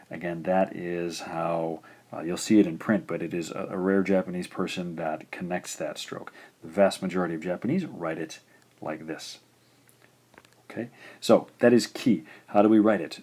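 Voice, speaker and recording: A man with a very low voice gives a patient beginner lesson. He walks through each stroke step by step and repeats syllables slowly and clearly so learners can follow. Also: darkish tone. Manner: slow, deliberate, patient, enunciating syllables. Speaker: Japanese teacher. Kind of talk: instructional explanation.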